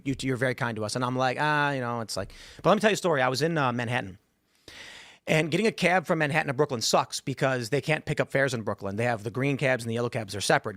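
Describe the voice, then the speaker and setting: A man's voice: medium pitch, a bit bright, no echo, studio quality. A man telling a casual anecdote on a podcast, acting out the people in it. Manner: storytelling, acts out quoted voices. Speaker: podcast host telling a story. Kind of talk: casual anecdote in a played clip.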